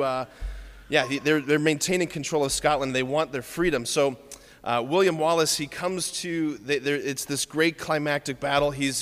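Guy preaching to his congregation, playful and lively, voice rings in a big reverby church. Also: on the high side. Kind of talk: sermon.

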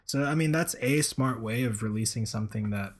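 A man co-hosting a casual chat, talking haltingly with restarts and hedges. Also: medium pitch. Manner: halting, hedging, trails off. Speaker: co-host.

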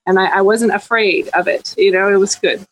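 A woman's voice: mid-range voice, fairly quick, low-quality recording. A woman sharing a personal story, earnest and reflective, in a casual group conversation.

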